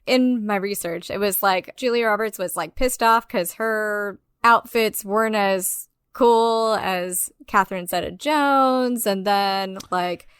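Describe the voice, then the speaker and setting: A woman's voice: medium pitch, slow, hardly any pauses, fairly bright tone, clear, resonant tone, no room sound. A woman co-hosting a podcast, chatting casually about films, filling her speech with "like" and acting out quoted lines. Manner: lots of "like", acts out quoted dialogue. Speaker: podcast co-host. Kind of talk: casual film-review chat.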